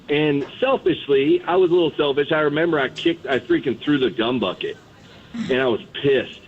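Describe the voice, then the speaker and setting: A man who played pro baseball, a guest on a sports radio show, telling candid stories from the clubhouse in a blunt, lively way. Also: mid-range voice. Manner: blunt, candid, animated retelling. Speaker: guest, former pitcher. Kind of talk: casual sports radio storytelling. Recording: tinny phone line.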